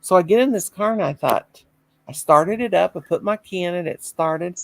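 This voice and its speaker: A middle-aged woman telling lively everyday stories in casual chat, full of exclamations. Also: on the low side, normal speed, gravelly, no room sound, poor audio. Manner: animated storyteller, laughing, exclamations. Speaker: chat participant.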